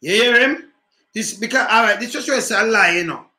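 A man with a Jamaican accent rants animatedly about politics in patois, firing off one rhetorical question after another. His voice sits high and moves at a normal speed, and the room has an echo.

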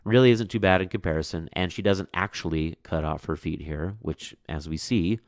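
Low-voiced man, casual book review with chatty asides, dry close mic. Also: moderate pace, no echo. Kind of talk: read-aloud with chatty commentary.

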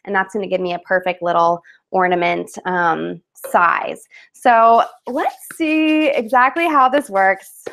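A woman's voice: medium pitch, a little slow, fairly bright tone. A woman hosting a casual live craft webinar from home on a webcam, chatty and upbeat, with fillers and laughs.

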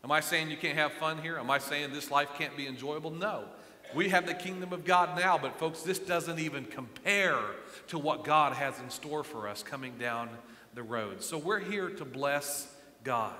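A middle-aged male pastor preaching a sermon with passion, moving from quiet remarks to loud emphatic lines. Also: fairly high pitch, normal speed. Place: church sanctuary. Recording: echoey church hall.

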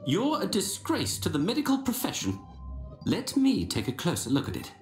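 A woman voicing a brisk, confident detective in a game, teasing and theatrical, with music and echo behind. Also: fairly low pitch, huge pitch swings. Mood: wry. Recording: game audio, echoey with music.

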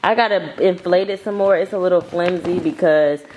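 A woman's voice: fairly low pitch, moderate pace, darkish tone, slight background noise. A woman making a casual home vlog, coaxing her baby in sing-song baby talk and chatting to viewers at home. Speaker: vlogger and mother. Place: home with wood and tile floors.

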